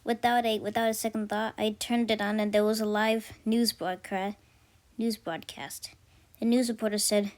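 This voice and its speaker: Woman reading a story, halting. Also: medium pitch, level tone, over loud music. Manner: halting, frequent self-corrections. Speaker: story reader. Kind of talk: amateur story narration.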